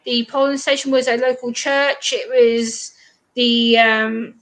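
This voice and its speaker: A woman's voice: fairly high pitch, fairly even intonation, takes it slowly, fairly bright tone. A woman with an eastern English accent, a guest YouTuber chatting casually on a live stream and laughing often. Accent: English, eastern England. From England.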